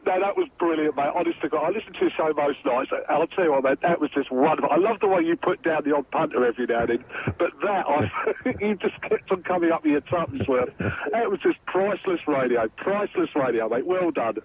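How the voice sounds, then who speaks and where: A high, husky-voiced man phoning in from his car, breathless and constantly laughing. His voice swoops up and down and comes through a thin, tinny phone line. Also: very animated, fast talker. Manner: breathless, keeps breaking into laughter. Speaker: radio caller. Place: car, driving.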